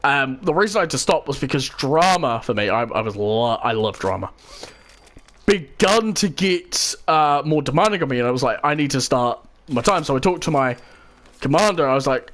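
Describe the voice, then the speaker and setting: A man's voice: fairly high pitch, sing-song, brisk, a bit bright. A young man, casually telling a rambling story with swearing and acted-out quotes. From New Zealand. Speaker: channel host. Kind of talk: casual storytelling while gaming.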